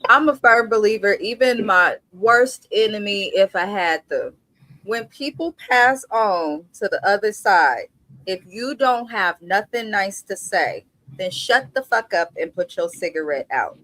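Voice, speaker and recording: Straight-talking woman co-host, mid-pitched, close and dry. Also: lively intonation, unhurried, pushed and bright, no echo. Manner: blunt, profane, emphatic. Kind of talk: casual review chat.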